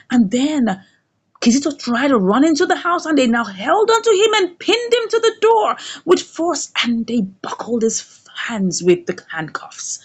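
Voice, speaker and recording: Female reviewer retelling episodes, high swooping voice. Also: moderate pace. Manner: animated storytelling, acts out dialogue. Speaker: series reviewer. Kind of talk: casual episode recap.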